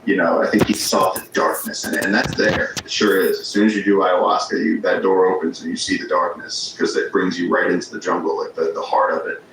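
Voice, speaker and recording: A man's voice: low-pitched, little pitch movement, brisk, hardly any pauses. A man, a podcast guest, telling rambling stories in casual conversation, often restarting his sentences. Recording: very echoey room with faint ambience noise.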